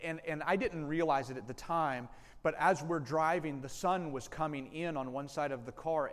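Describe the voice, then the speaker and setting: A man preaching a sermon as pastor, speaking earnestly and directly to his congregation. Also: on the high side. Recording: long hall reverb.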